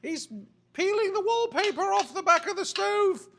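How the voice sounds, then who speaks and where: Shrill high-pitched mom yelling, alarmed and loud, a man putting it on. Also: animated, moderate pace, background noise. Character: shrieking worried mother, high-pitched, alarmed.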